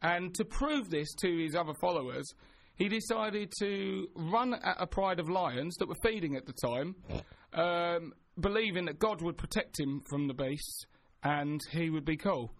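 High-voiced man telling a funny story. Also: expressive, unhurried, hardly any pauses. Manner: rambling with fillers, acts out silly voices. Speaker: podcast co-host. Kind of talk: casual comedic chat.

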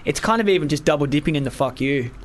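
A young man co-hosting a casual chat show, telling rambling stories with lots of laughter and animated quoted voices. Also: a little high, fast. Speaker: podcast co-host.

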